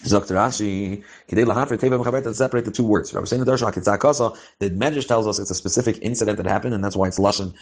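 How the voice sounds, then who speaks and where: Fast-talking man teaching a text, flavored. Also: on the low side. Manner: reads a phrase then translates and explains it, with frequent restarts. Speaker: Torah teacher. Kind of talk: line-by-line text study, mixing Hebrew and English.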